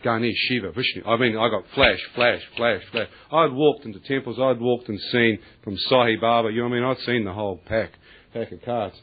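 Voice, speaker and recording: Male preacher, husky voice on a tinny recording, tells his story with lively acted-out dialogue. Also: medium pitch, brisk. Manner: animated storyteller, acts out voices, laughs often, colloquial. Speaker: preacher giving testimony. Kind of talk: testimony sermon.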